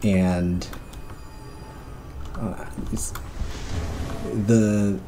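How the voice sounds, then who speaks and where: A man's voice: deep voice, fairly even intonation, extremely slow, over music. A man streamer in casual chat, recounting a dream in a profane, rambling way with lots of fillers.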